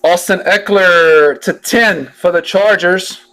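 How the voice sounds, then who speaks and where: A man's voice: sits high, takes it slowly, sharp tone. A man chatting casually while he opens trading cards on a live break, drawling and joking as he reads out each card.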